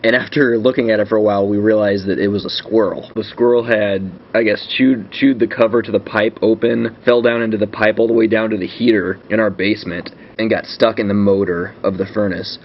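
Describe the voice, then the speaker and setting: Low-voiced young man rambling a story. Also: fairly even intonation, a little fast, hardly any pauses. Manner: rambling, filler-heavy, self-correcting. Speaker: vlog host. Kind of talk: casual storytelling. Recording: dull lo-fi webcam audio with faint hiss.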